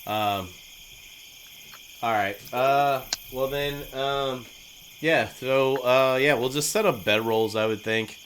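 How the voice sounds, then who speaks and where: A man's voice: mid-range voice, takes it slowly, a bit bright, slight background noise, rough recording. A man playing a tabletop game, rambling and joking with lots of fillers. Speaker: player. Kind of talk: casual tabletop game play.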